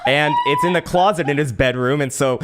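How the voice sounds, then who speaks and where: A man from San Francisco hosts his channel and tells a personal story in a relaxed, casual way. He swears freely, stumbles into repeated words and breaks into laughter often. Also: on the high side, brisk, noisy background. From San Francisco, USA.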